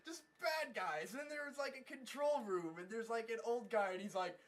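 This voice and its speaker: A man's voice: extremely high pitch, expressive, fairly quick, low-quality recording. A young man recapping an anime episode in a crude, sarcastic, profane way, mocking the characters as he goes. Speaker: anime reviewer. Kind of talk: casual comedic recap.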